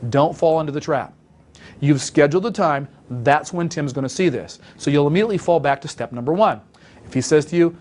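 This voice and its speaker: This is instructional talk from a sales trainer with a slightly high, slightly mellow voice, expressive and quick-paced. He emphatically guides listeners through making sales calls and acts out sample calls.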